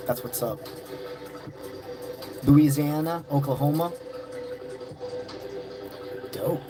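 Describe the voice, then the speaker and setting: A man's voice: mid-range voice, moderate pace, pauses often. A man hosting a live-stream tarot session, greeting chat viewers by name in loose, friendly slang. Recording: music playing in the background. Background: music.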